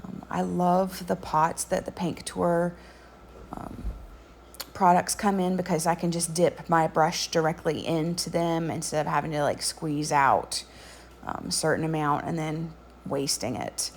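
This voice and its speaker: A woman narrating a craft tutorial voice-over in a relaxed, chatty way with frequent ums. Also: deep voice, a little slow, slight background noise.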